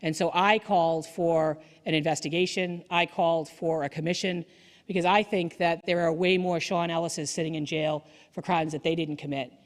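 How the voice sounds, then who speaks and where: A woman lawyer giving a candid, energetic story-driven speech at a dinner event. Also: on the low side, moderate pace. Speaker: defense attorney. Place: banquet hall. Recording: echoey hall.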